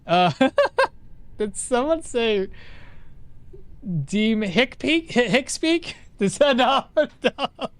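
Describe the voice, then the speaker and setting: A man's voice: very high-pitched, animated, drawn-out words, long pauses, clean tone, no echo. A man streaming a game live, chatting casually with his viewers and laughing often as he plays. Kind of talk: live gameplay commentary to chat.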